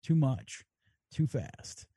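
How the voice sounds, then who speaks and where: A man's voice: medium pitch, big pitch swings, slow, warm tone, dry recording. A man co-hosting a casual political livestream, reading out viewer comments and chatting in a laid-back way with casual swearing. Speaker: podcast co-host.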